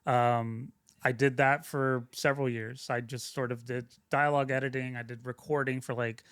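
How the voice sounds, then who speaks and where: A young man rambles casually through career stories, stopping and restarting with plenty of fillers. His voice sits at a middle pitch. The recording is dry and close. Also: little pitch movement, normal speed, a bit bright, smooth, no room sound. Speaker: guest, film sound mixer. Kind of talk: casual interview storytelling.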